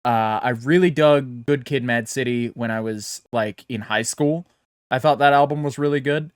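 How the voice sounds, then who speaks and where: A man's voice: medium pitch, moderate pace, clean tone, no echo, clean studio sound. A young man co-hosting a casual podcast, rambling along with repeated words and lots of "like" fillers, talking into his own mic over a remote call. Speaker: podcast co-host. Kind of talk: casual chat.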